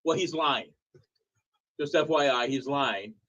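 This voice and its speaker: A man's voice: medium pitch, a little slow, a bit bright. Older guy on morning radio, blunt teasing, muffled lo-fi sound. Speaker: morning show co-host. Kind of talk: casual studio banter. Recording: dull lo-fi sound.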